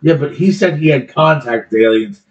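A man's voice: on the high side, moderate pace, muffled recording. A man co-hosting a casual podcast, dry and blunt with a contrarian streak. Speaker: podcast co-host and singer. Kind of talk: casual crude podcast banter.

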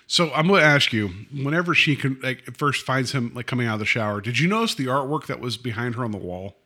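A man's voice: mid-range voice, expressive, quick pace, sharp tone. A man co-hosting a podcast, eagerly sharing theories about a TV episode and quizzing his co-host. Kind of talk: casual chat discussing a TV episode.

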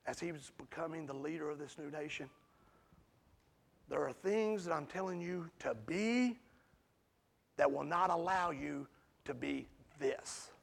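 A man preaching a sermon emphatically, swinging from hushed asides to near-shouting. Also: fairly high pitch, creaky.

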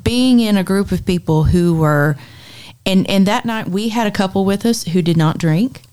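A woman's voice: medium pitch, moderate pace, darkish tone, clear, resonant tone. A woman, a podcast co-host telling a story in casual chat, often repeating words. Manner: chatty, repeats words as she recounts.

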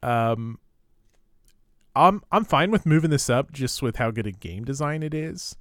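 A man's voice: medium pitch, expressive, unhurried, a bit bright, no room sound. Chatty man hosting a dry podcast. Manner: chatty, lots of fillers and restarts. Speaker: podcast co-host. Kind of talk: casual chat.

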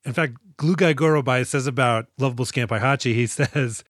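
A man co-hosting a podcast in casual chat, animated and profane, acting out characters as he retells scenes. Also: mid-range voice, brisk, dry recording, clean studio sound. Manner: animated, swears a lot, acts out characters in quoted lines. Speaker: podcast co-host.

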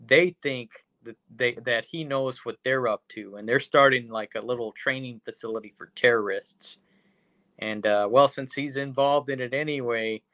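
Dude on a podcast rambling thru a movie recap, swears a lot, dry close sound. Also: male voice, mid-range voice, bright, forceful tone, dry recording. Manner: rambling, profane, plot recap with fillers. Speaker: podcast co-host. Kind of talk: casual movie review chat.

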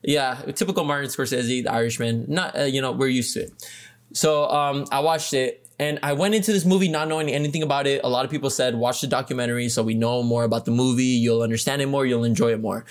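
A man's voice: mid-range voice, fairly even intonation, fast talker. A man co-hosting a podcast, chatting casually about shows and movies, with lots of fillers and slang. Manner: laid-back, lots of fillers, says bro and dude. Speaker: podcast co-host. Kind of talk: casual chat.

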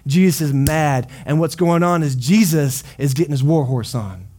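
A man's voice: fairly high pitch, moderate pace, dark tone, slightly rough. A man preaching a sermon as pastor, building passionate repetitive runs and dropping in casual exclamations. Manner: impassioned, repetitive preaching cadence.

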